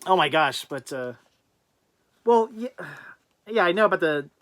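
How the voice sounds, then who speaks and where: A man hosting a casual livestream, rambling and thinking out loud as he reads out and answers viewers' chat comments. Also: high-pitched, lively intonation, measured pace. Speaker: livestream host.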